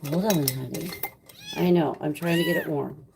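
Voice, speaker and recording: A middle-aged woman with a low, gravelly voice talks slowly but with lots of swing in her pitch, chatting sarcastically on a home livestream. Faint noise and kitten sounds sit behind her. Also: animated. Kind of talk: casual livestream chat with viewers.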